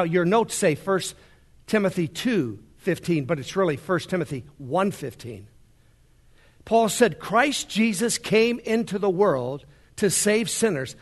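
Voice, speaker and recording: A male pastor delivers a sermon to a large congregation. His voice sits a little high and has a husky, breathy edge. He drops to quiet, slow passages, then climbs into fervent, louder preaching. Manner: preaching with big swings between hushed and rising fervor. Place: large worship center.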